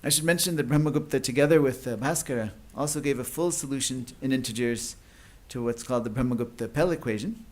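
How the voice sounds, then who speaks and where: A man's voice: mid-range voice, fast talker, hardly any pauses, a little mellow. A man giving an academic lecture at a conference. He explains at length, with many fillers and restarts. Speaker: conference speaker.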